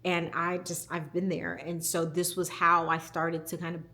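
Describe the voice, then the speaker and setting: A communication coach in her forties tells a candid personal story in a home vlog, reflective and quick to laugh. Her voice is fairly low with little pitch movement and a sharp tone.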